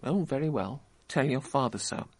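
A man voicing a calm, gently amused mother while reading from a novel. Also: mid-range voice, moderate pace, dry recording, close to an everyday voice. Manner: unruffled, mildly dry.

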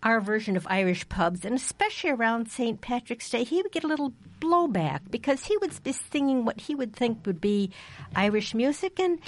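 A woman hosting a radio show, chatting casually and laughing easily between songs. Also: on the high side. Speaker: radio host.

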